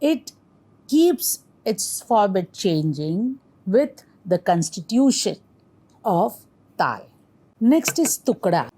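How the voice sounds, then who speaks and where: Indian woman lecturing in a mellow voice. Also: mid-range voice, husky. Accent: Indian English. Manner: explanatory, reciting rhythm syllables aloud. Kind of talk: recorded lecture.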